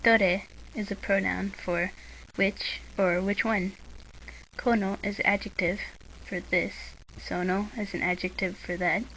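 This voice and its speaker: A woman reading a scripted language lesson, slipping dry sarcastic asides into the drills in a deadpan manner. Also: mid-range voice, a little slow, a little hiss or hum, low-quality recording.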